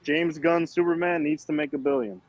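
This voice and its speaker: A man's voice: on the high side, fairly even intonation, fairly quick, crowd noise, poor audio. A man hosting a casual livestream chat, rambling and swearing with lots of fillers, talking over an online call. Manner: rambling, profane, with frequent fillers. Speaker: show host.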